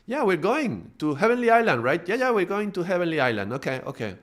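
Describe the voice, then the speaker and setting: A man voicing a rowdy, scheming male first mate who brushes off the captain, pitched well above his own voice. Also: big pitch swings, quick pace, a bit bright. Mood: evasive. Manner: brash, reassuring, party-loving.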